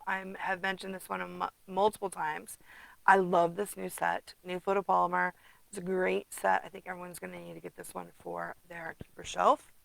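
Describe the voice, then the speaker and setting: A woman's voice: mid-range voice, gravelly, fairly bright tone, no room sound, rough recording. A woman casually demonstrating card making at her desk, chatty, humming to herself and muttering asides. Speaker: craft demonstrator.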